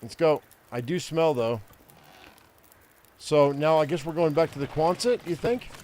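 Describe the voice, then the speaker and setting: An older man talks over his game in a loose, rambling way, cursing often and restarting his sentences. His voice sits a little higher than most men's, with a faint wash of noise behind it. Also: measured pace, darkish tone. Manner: profane, ranting, rambling with many restarts. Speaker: gaming streamer. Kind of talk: casual gameplay commentary.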